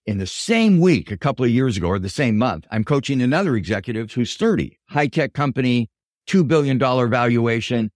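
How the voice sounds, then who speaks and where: An older man tells stories in an interview, acting out the dialogue of the people in them. His voice sits at a middle pitch, and the recording is dry and close with no room sound. He speaks as a professor and coach giving his answers. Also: a little fast, no echo. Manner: animated storyteller, voices quotes in dialogue. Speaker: guest, business professor and executive coach.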